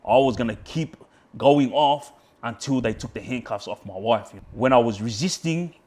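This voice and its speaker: An Australian man with a medium-pitched voice tells, at normal speed, a casual story about a tense run-in. He's blunt, heated and fired up, swearing a lot, using heavy slang, acting out shouting in quotes, and filling gaps with words like yeah, bro and friggin'.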